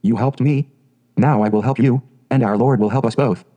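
A man reading the lines of a gentle, kind old washerwoman in a storybook, with a dark voice. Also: medium pitch, normal speed, lo-fi sound, close to an everyday voice.

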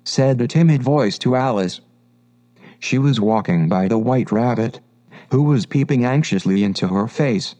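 A man reading a storybook aloud in measured, steady narration. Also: medium pitch. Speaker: audiobook narrator.

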